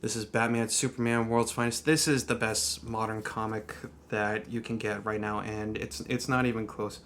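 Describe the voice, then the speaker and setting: A man chatting casually in a vlog, talking warmly, restarting his sentences and laughing often. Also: fairly low pitch, level tone, moderate pace, slight background noise. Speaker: comic book vlogger. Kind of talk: casual chat.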